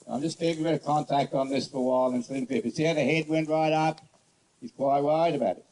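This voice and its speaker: A man horse trainer giving a casual outdoor demonstration, telling stories bluntly and coaxing a horse softly. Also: on the high side, steady tone, fast talker, slight background noise, low-quality recording. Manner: casual, rambling, blunt storyteller; soft coaxing talk to the horse. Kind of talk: demonstration lesson with storytelling.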